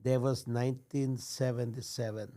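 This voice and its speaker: A man's voice: medium pitch, level tone, moderate pace, mellow. A man in his sixties from Austria, speaking with an Austrian accent and recounting his chef career in short, clipped phrases. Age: 60s. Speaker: chef and restaurant owner. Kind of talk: interview answers.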